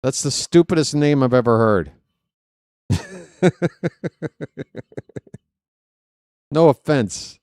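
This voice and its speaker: A man doing live play-by-play of a baseball game for viewers, chatty and joking with the chat between pitches. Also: expressive, normal speed, few pauses, darkish tone, smooth, no echo, studio quality. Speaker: fan play-by-play announcer.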